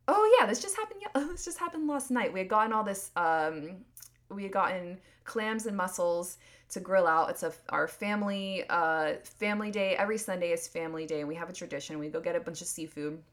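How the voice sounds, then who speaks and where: A woman's voice: lowish voice, fairly quick. A woman in her thirties hosting a solo podcast, talking earnestly and rambling, full of "like" and restarts. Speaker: podcast host. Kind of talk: casual solo podcast monologue.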